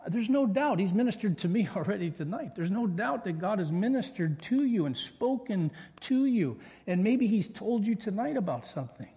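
A middle-aged man preaching a sermon in an earnest, storytelling way. His voice sits a bit high for a man. It rings out with a long hall echo in a church sanctuary. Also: warm tone. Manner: earnest preaching with personal stories. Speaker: pastor.

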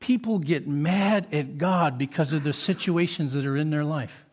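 A man's voice: fairly high pitch, moderate pace, darkish tone, slightly rough. A man preaching a sermon as a pastor, earnest and full of rhetorical questions to the congregation.

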